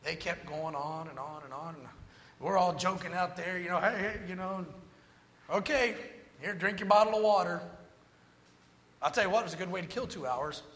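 A man's voice: high-pitched, moderate pace, pauses often. A man telling a humorous personal story as part of a sermon, jumping between jokes and moral lessons. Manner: animated, joking anecdotes with moral lessons. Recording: long reverb of a large hall.

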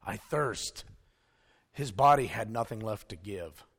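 Man, preaching a sermon, bright forceful tone, dramatic swings between hushed and loud. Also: fairly low pitch, expressive, slow, husky. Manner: emphatic, swings from hushed to shouting.

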